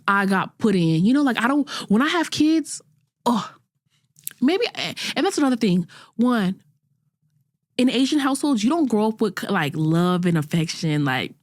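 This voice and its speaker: A podcast host, a young woman in her twenties, delivers a candid, self-critical monologue full of casual slang and frequent restarts. Her mid-range voice is captured dry, with clean studio sound.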